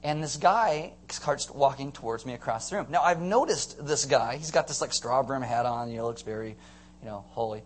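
A male pastor giving a sermon to a congregation, telling stories in a joking, animated way and acting out voices. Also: mid-range voice, normal speed, a little hiss or hum. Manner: joking, animated storyteller who acts out voices. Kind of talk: sermon with storytelling. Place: church before a live congregation.

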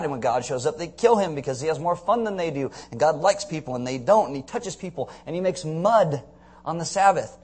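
A man preaching a sermon, animated and joking, acting out characters in comic voices. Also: on the high side. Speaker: pastor.

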